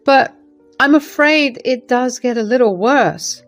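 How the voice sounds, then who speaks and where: A woman voicing a remorseful middle-aged mother-in-law who speaks gently and apologetically. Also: high-pitched, expressive, unhurried, soft background music, voice pushed up. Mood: worried.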